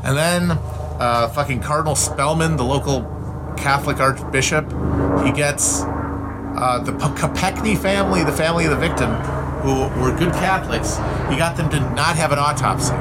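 A man's voice: on the high side, moderate pace, heavy background noise. A man with an Upper Midwestern accent who streams, ranting casually in a profane, blunt and opinionated way with frequent restarts. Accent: Upper Midwestern American.

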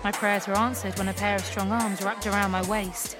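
Soft-spoken woman reading an erotic story. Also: mid-range voice, flat delivery, a little fast. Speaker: narrator. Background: music.

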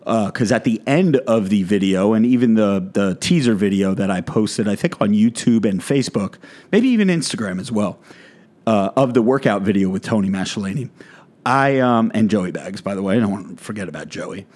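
A man's voice: on the low side, animated, brisk, darkish tone. A man, a fitness content creator, delivering a blunt, profane rant in a vlog monologue.

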